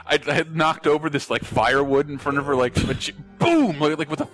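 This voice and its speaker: A man's voice: fairly high pitch, fairly quick, soft background music. A young man from Florida telling a rambling story on a podcast, swearing a lot and acting out what people said. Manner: animated, rambling, swears a lot, acts out quotes.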